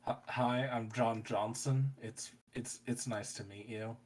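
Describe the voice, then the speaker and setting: Man playing awkward ordinary man, stammering, hesitant, quiet, tabletop game. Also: medium pitch, fairly even intonation, measured pace, close to an everyday voice.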